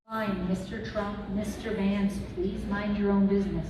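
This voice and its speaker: A middle-aged woman from southwestern Minnesota giving a measured, emphatic campaign speech, with folksy asides. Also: medium pitch. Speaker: political campaign speaker. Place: restaurant event room. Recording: echoey, distant room recording with crowd noise.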